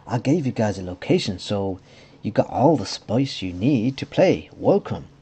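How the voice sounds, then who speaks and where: A man's voice: fairly low pitch, very animated, normal speed, mellow, slightly rough, exaggerated voice. A man putting on a silly foreign-sounding voice for an eager young male game server owner. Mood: eager welcoming.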